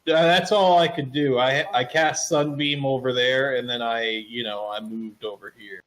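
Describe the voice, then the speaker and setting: A man's voice: medium pitch, steady tone, normal speed, a bit bright, low-quality recording. A man playing a tabletop game, explaining his character's moves in a rambling, laughing way. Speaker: player. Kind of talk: casual tabletop play.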